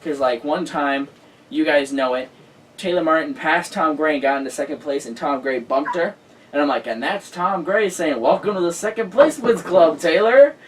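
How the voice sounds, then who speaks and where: Male host, excitable storyteller, heavy with fillers, a bit distant from the mic with faint noise. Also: on the high side, moderate pace. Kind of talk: casual chat.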